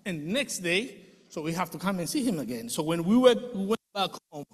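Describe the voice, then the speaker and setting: Animated high-voiced man giving a testimony. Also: moderate pace, breathy edge, long reverb tail. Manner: animated storytelling, acting out quoted voices and shouting praise. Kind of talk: emotional spoken testimony.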